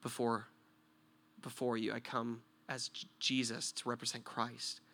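A man preaching a sermon with a bright, ringing voice. He swings between loud, emphatic points and hushed storytelling. He keeps checking in with the room, tossing out a quick "right?". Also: medium pitch, little pitch movement. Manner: talks to the listeners directly with frequent "right?".

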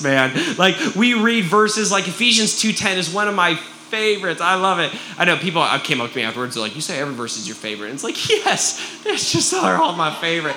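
A man preaching a sermon to a congregation, animated and jokey, with frequent "right?" asides. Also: high-pitched, slight background noise. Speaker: pastor. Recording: roomy echo.

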